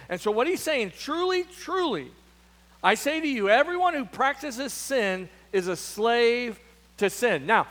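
A man's voice: high voice, fairly bright tone. A man preaching a sermon as pastor, emphatic, with frequent restarts and fillers. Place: church sanctuary. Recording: long hall reverb.

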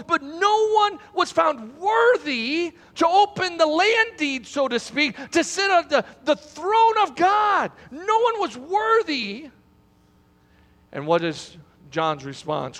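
Male pastor, dramatic sermon delivery with pauses, ringing hall. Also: very high voice, sharp tone. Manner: preaching with dramatic pauses and rising emphasis. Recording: long hall reverb.

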